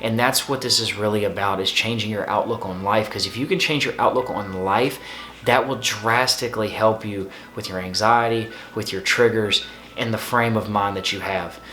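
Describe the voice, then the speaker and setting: A man's voice: lowish voice, steady tone, normal speed, bright, forceful tone, roomy sound, soft background music. A man hosting his own channel, giving earnest, repetitive, pleading advice. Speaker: host.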